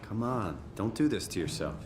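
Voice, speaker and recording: Guy playing an earnest worried survivor dude in a game, lowish voice, game noise behind. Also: lively intonation, normal speed, natural voice. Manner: earnest, plainspoken. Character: earnest male survivor, uneasy and questioning.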